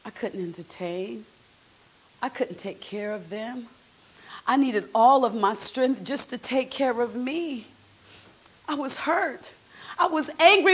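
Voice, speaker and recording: A woman delivers a one-woman stage monologue in a high voice. She takes her time over each line, and her emotion swings from near-whispers to full shouts. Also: slow, pauses often, husky. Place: theatre stage.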